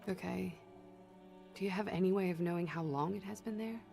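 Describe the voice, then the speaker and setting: A woman's voice: lowish voice, brisk, gravelly, dark tone, soft background music. An actress voicing a wary, guarded young woman in video game dialogue who asks clipped questions.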